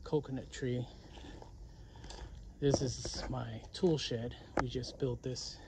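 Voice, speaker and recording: A man casually narrating a walking tour of his garden and property outdoors, chatty and relaxed, saying y'all. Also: medium pitch, slow pace, noisy background. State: winded near the end. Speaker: vlogger giving a garden tour.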